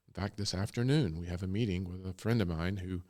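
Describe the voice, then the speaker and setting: Low-voiced enthusiastic man. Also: brisk, warm tone. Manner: rambling, enthusiastic, with laughs. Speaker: guest, co-founder of a bunny ministry. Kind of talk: casual interview talk.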